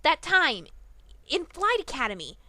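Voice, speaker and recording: A brash young griffin girl who yells and accuses in slangy bursts, as a woman reader puts her on. Her voice jumps high and swings wildly in pitch, loud and up close in a dry, dead recording. It fits a fan audiobook reading. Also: big pitch swings, measured pace, no room sound, exaggerated voice. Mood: accusing. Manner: shouting, confrontational, slangy.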